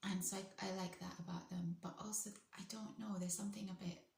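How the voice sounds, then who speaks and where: A woman chatting to camera as a vlogger, enthusiastic and often dropping into a soft whisper. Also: medium pitch, fairly even intonation, fast, creaky. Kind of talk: casual talk to camera. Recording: roomy echo.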